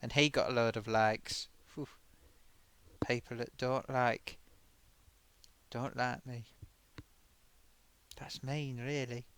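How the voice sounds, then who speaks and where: A man's voice: medium pitch, fairly even intonation, slow, pauses often, a bit bright, smooth, no room sound. A man voicing a cheeky male sock puppet host, reading viewer comments in a chatty way full of oofs and sighs. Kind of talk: live-stream chat.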